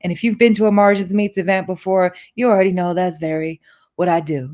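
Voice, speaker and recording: A woman's voice: fairly low pitch, brisk, a little mellow. A woman hosting a poetry reading, chatting casually with a laugh before reading a guest's introduction. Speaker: event host.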